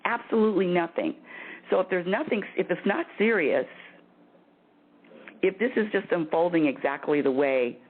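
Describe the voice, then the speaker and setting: A woman hosting a spiritual advice show over a call-in line, talking in a lively, laughing way and repeating her words. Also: lowish voice, normal speed, long pauses. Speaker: spiritual talk show host. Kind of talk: phone-in radio advice chat. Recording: tinny phone line.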